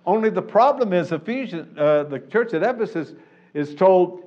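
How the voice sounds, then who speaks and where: A man with a fairly high voice preaches a sermon, drawing out key words for emphasis. The recording is dull and lo-fi. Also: animated, moderate pace, a little mellow. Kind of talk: expository sermon.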